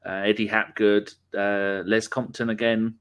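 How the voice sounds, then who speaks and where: A man's voice: lowish voice, flat delivery, a little slow, fairly bright tone, clean tone. A man hosting a live podcast in casual, rambling chat, joking and using lots of fillers. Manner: chatty, rambling, jokey, with many fillers. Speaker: podcast host.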